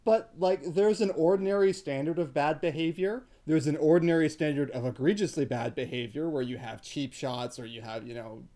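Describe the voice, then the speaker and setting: A man in casual podcast chat about hockey, animated and joking, with exaggerated comparisons. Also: a little high, fairly quick, few pauses.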